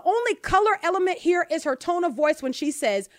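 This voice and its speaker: A high-pitched woman hosts a talk show, delivering pointed opinion commentary. She drives her points home with rhetorical tag questions. Her voice sounds dry and close to the mic. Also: very animated, normal speed, hardly any pauses, no echo. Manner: emphatic, with many rhetorical "right?" tag questions.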